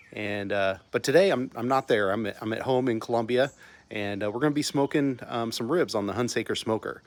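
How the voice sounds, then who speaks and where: Middle-aged man from Texas, vlog host at home, low-ish voice, loose and rambling. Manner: rambling, restarts often, many fillers. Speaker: channel host. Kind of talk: casual barbecue vlog talk.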